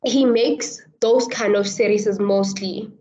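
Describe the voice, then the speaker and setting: A woman student answering in an online class, talking quickly and checking whether she is making sense. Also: mid-range voice, fairly even intonation, crowd noise. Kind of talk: class discussion. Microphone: video call. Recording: muffled lo-fi audio.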